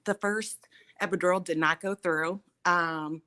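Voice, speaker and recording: A woman hosting a casual chat, telling a personal story in an animated way, acting out the people she quotes and laughing between lines. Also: on the low side, a little slow.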